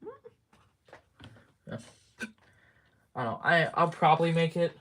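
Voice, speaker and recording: Guy rambling on his stream, slow and halting, humming to himself, lots of so yeah. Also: fairly high pitch, pushed and bright, slight background noise. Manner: muttering to himself between hums. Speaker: livestreamer. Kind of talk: casual live-stream chat.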